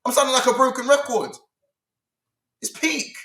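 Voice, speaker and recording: A man's voice: very high voice, moderate pace, pushed and bright. A young man, ranting about football in a heated, casual debate and repeating his points in frustration. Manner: exasperated, repetitive ranting. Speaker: football fan panelist.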